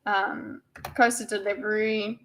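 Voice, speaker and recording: A woman's voice: medium pitch, flat delivery, a little slow, a bit bright, slight background noise, low-quality recording. A woman with a South African accent, commenting on a debate during a live stream in a rambling, playful way with giggly asides.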